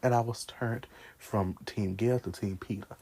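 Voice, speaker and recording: Young man vlogger, husky and dark-toned, animated, laughs, talks back at characters. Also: on the low side, moderate pace. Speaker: vlogger ranking favorite movies. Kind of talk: casual chat.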